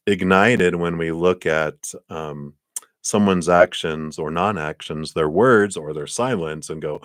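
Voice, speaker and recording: Tarot reader, male, very low voice, dry close sound, lively storyteller who acts out quotes. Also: no room sound. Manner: animated storytelling with acted quotes and sound effects. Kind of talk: live-stream tarot reading. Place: indoors.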